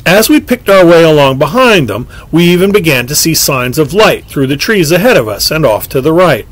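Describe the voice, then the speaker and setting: A man narrating a story aloud in a lively, expressive way. His voice is fairly high for a man and rises and falls widely across each sentence. He reads as a scripted narration. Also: a little fast, low-quality recording. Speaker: audiobook narrator.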